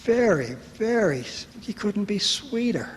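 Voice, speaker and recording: A man with a slightly high voice tells a story to a gathered audience, lively and poking fun at himself. The sound rings out with a long hall reverb, and there is a faint hiss of background noise under him. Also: unhurried. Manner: lively, self-mocking storyteller who acts out quoted voices. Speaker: speaker at a retreat. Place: large hall at a retreat.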